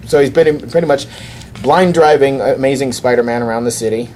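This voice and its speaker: A man hosting a podcast, casually retelling a comic story as a lively storyteller. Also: mid-range voice, brisk, a little hiss or hum. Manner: lively storyteller who acts out quoted lines. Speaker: podcast host.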